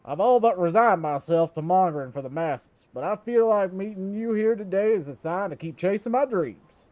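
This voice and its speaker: A man's voice: high voice, animated, moderate pace, dull audio, voice pushed up. A man voicing an eccentric, theatrical male fishmonger, reading his lines with grand storyteller flair.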